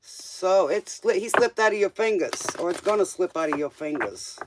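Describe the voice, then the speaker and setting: A man's voice: high-pitched, lively intonation, normal speed, background noise. A man doing a live-stream tarot reading, casual and joking, talking straight to the viewer in loose, slangy speech. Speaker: tarot reader.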